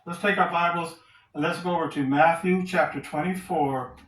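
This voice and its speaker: Bright-voiced man teaching scripture, roomy echo. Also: a little high, steady tone. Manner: reads verses aloud slowly, asks rhetorical questions. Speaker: Bible teacher. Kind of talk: scripture study sermon. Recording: roomy echo, distant from the mic.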